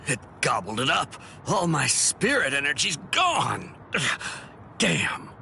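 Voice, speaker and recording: A man's voice: fairly high pitch, huge pitch swings, takes it slowly, vocal fry, sharp tone, a little hiss or hum, full character voice. An actor playing a beaten, furious male warrior in a video game, cursing in frustration. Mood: frustrated.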